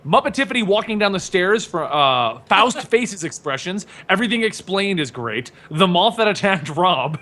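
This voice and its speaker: A man's voice: high voice, sing-song, normal speed, few pauses, sharp tone. A man co-hosting a casual podcast chat and reading out viewer comments, in a playful, teasing way.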